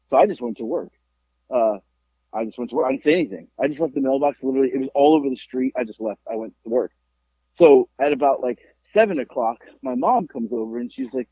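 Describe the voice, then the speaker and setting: A man from Florida, a podcast host, telling a profane story in a lively, repetitive way. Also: medium pitch, a little fast, breathy edge, no room sound, dull audio. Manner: animated, profane, repeats himself. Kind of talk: casual storytelling chat.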